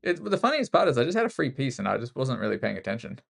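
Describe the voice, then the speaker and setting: A man's voice: mid-range voice, sing-song, racing, vocal fry. A man with an Australian accent giving casual, self-mocking live commentary while playing chess. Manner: self-mocking, joking banter with the opponent. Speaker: chess streamer.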